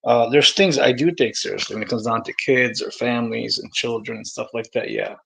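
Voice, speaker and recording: A man hosting a livestream, talking casually and addressing viewers by name, swinging between calm and heated with lots of fillers and some swearing. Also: mid-range voice, a little fast, gravelly, poor audio. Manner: many fillers and restarts, swears. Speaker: livestream host.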